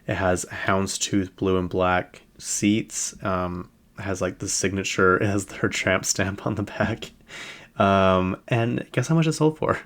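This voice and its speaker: Low-voiced chatty male podcast host. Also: measured pace, fairly bright tone. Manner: chatty, rambling, many fillers. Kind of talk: casual chat about celebrity news.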